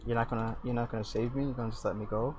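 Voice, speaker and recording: A man's voice: mid-range voice, fairly even intonation, rapid-fire, darkish tone. Joking young man chatting on stream. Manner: joking, teasing, chatty with many fillers. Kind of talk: casual livestream chat while sculpting. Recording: faint background noise.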